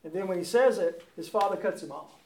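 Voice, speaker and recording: A man preaches a sermon in a church, his voice high and fast, hammering his key words through repetition. He's picked up by a distant mic in a roomy space, with a slight hiss or hum underneath.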